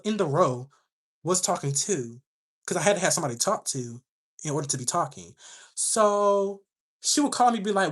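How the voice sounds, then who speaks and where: A woman's voice: lowish voice, moderate pace, husky. Sassy young woman livestreaming. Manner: sassy, animated storytelling to chat. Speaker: livestream host. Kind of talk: casual livestream storytelling.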